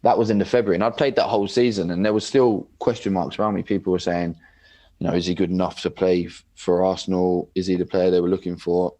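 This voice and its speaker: Young male guest, low voice, laid-back storyteller who keeps saying "like". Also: quick pace. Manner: relaxed, rambling, lots of "like". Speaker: podcast guest, footballer. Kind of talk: casual interview chat.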